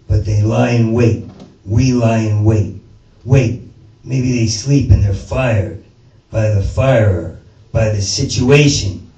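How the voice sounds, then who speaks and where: A man's fairly low, mellow voice carries a rambling stand-up story, profane and stammering, that drifts from one idea to another. He's a comedian performing for an audience in a small space. Captured on a distant mic, the audio sounds roomy with faint noise.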